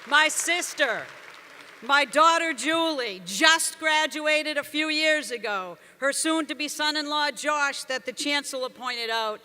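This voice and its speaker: A woman's voice: sits high, slow pace, sharp tone. A woman giving a commencement speech, joking and emphatic as she rouses the crowd. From Boston area, USA. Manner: jokey, emphatic, rousing the crowd. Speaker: commencement speaker. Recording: long reverb from a large venue.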